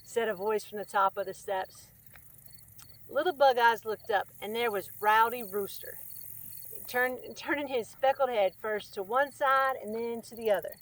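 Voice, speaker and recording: A woman hosting a storytime and reading a children's picture book aloud. She is friendly and chatty between passages, and her voice sits fairly high. The narration is unhurried and plain. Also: a bit bright, dry recording. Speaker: storytime reader and host.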